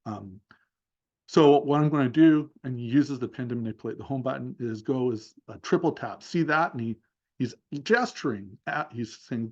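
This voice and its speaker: A man's voice: mid-range voice, normal speed, darkish tone, lo-fi sound. A man giving a seminar talk over a video call, thoughtfully narrating a session step by step with many fillers. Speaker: seminar speaker.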